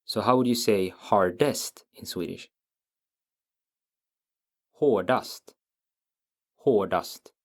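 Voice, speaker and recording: Patiently walking through grammar, a lowish-voiced man teaches a language lesson and says each example word again slowly.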